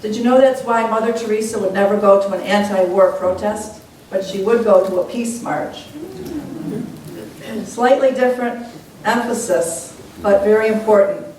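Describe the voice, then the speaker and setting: A woman's voice: moderate pace, a little mellow. A woman minister giving a sermon in a church, earnest and reflective in how she teaches. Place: church sanctuary. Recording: echoey church hall, mic at a distance, faint rumble.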